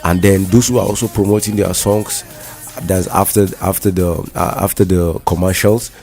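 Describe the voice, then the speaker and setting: Deep-voiced Nigerian man, halting radio talk. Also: steady tone, a little mellow, soft background music. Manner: halting, many restarts and repeated words. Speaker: radio co-host.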